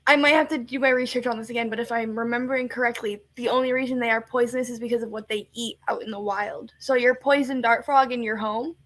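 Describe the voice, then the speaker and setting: A woman's voice: fairly high pitch, steady tone, fast, few pauses, no room sound. A woman in a casual chat, playful and chatty, sometimes stumbling over her words.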